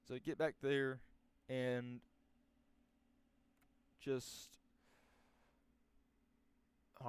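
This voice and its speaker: Young male storyteller, laid-back and rambling, crude language, mid pitch, dry recording. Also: clean tone, no room sound. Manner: rambling, profane, many restarts and fillers. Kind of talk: casual storytelling.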